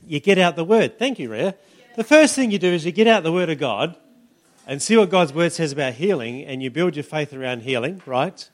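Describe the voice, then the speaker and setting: A man's voice: fairly high pitch, expressive, normal speed, long pauses. A male pastor preaching and teaching, often putting questions to the congregation. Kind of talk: sermon.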